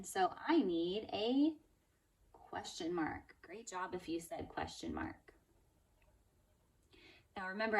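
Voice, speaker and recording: Woman, elementary teacher, recorded phonics lesson; patient, encouraging, models sentences slowly. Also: medium pitch. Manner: slow, careful modeling of sentences; encouraging, asks and answers her own questions.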